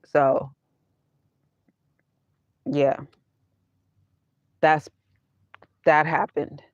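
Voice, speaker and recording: Woman, livestream host, slow easy pace, repeats phrases, muffled lo-fi audio. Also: low voice, level tone, clear, resonant tone, no echo. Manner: repeats her phrases, laughs often, talks straight to chat. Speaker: vanlife vlogger hosting a livestream. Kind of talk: casual livestream chat with viewers. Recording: dull lo-fi sound.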